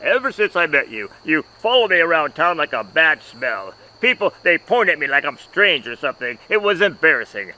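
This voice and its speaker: A man's voice: on the high side, sing-song, moderate pace, few pauses, sharp tone, heavily acted, poor audio. A man playing a fussy masked lawman. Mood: worried. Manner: exasperated, scolding. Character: masked lone lawman, fussy and easily flustered, adult man. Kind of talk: homemade comedy sketch acting.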